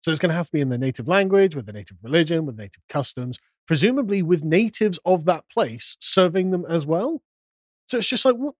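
Male podcast host, sarcastic reader of documents, lively swinging pitch, dry close sound. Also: fairly quick, dry recording. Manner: reads documents aloud with sarcastic commentary. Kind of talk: casual political discussion podcast.

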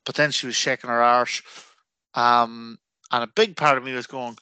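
An Irish man chatting on a podcast, animated and crude in his jokes. His voice is bright and forceful, recorded close and dry with no room sound. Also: medium pitch, normal speed, smooth, dry recording. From Ireland. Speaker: podcast co-host. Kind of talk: casual chat.

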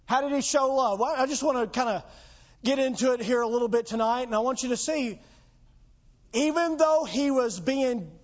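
Man, pastor, sermon, very high voice, emphatic, rhetorical questions, muffled lo-fi sound.

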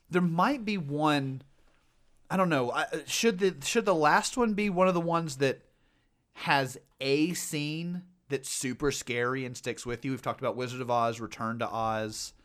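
A man co-hosting a casual podcast chat, telling stories animatedly about scary films. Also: mid-range voice. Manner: animated storyteller, lots of fillers and restarts. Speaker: podcast co-host.

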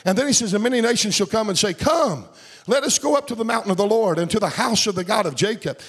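Male pastor, high voice, fervent revival sermon with shouted peaks and a sing-song lilt. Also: animated, fast, husky.

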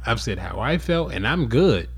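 A man co-hosting a casual chat, animated and playful, acting out quoted lines as he talks. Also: mid-range voice, normal speed, a crowd in the background. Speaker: podcast co-host; father of boys.

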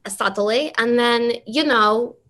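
Chatty actress answering at a panel. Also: female voice, fairly high pitch, slow, a bit bright, faint music behind. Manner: rambling, with many fillers and restarts, and acts out voices. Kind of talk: casual interview answer.

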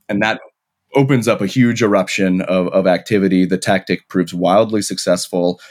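Deep-voiced man telling history at length. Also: steady tone, moderate pace. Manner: long flowing storytelling with many restarts. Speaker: author guest. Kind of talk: podcast interview, explaining history.

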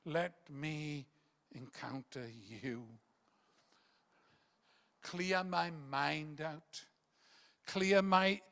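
A man preaching a rambling sermon that swings between loud emphatic bursts and hushed quiet passages. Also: a little high, vocal fry. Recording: long reverb of a large hall.

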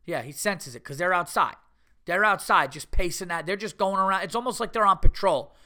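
Profane, animated male podcast host. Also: sits high, a little fast. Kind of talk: casual solo podcast monologue.

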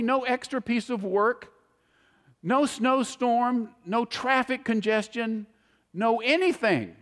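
A woman preacher giving a sermon, quoting scripture with emphatic, animated rises and falls in her voice. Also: mid-range voice. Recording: long hall reverb.

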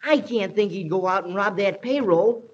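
In a 1930s radio drama, a woman plays Joe, Annie's loyal pal, an eager, earnest boy who talks folksily and says "shucks" a lot. Her mid-range voice sounds close to everyday speech at normal speed. The recording is dull 1930s lo-fi radio.

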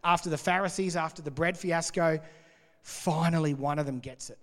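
A man preaching a sermon, explaining scripture in a conversational, animated way. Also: on the high side, normal speed, long reverb tail. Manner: conversational and animated, laughing between points.

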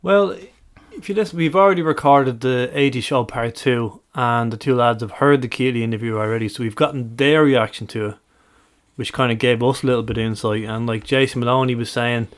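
A man's voice: mid-range voice, brisk. Chatty man with dry humor. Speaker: podcast co-host. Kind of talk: casual chat.

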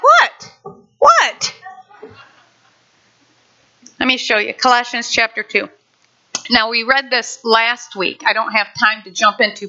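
A woman pastor preaching a sermon in a lively, conversational way with playful asides to her congregation. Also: on the high side, highs cut off. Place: church sanctuary.

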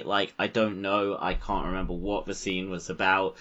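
Bright, rambling man with a low voice. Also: fairly even intonation, normal speed, hardly any pauses, dull audio. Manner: rambling, swearing, laughing often. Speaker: podcast co-host. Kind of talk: casual film chat.

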